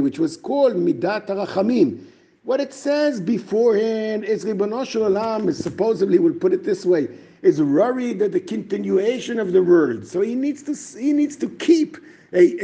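A man giving a lively Torah lesson, asking rhetorical questions and restarting his sentences often. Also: high-pitched. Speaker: yeshiva teacher. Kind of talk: Torah lesson on the weekly portion.

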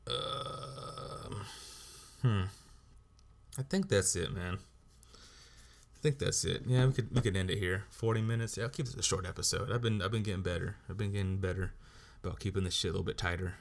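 A low-pitched man hosts his own podcast alone, talking in a loose, heavily profane rant. He is blunt and unfiltered, and he drops swear words into nearly every sentence. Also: normal speed, gravelly. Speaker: podcast host.

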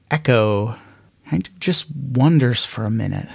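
A man's voice: mid-range voice, lively intonation, unhurried, creaky, breathy edge, no echo. A man hosting a podcast where he narrates a solo tabletop game, speaking in a thoughtful, hesitant way.

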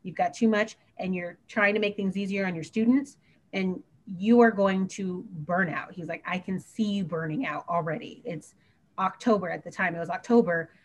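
A woman's voice: fairly low pitch, moderate pace. A woman who works as a teacher, chatting earnestly on a podcast and talking in long run-on stretches. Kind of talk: casual podcast chat.

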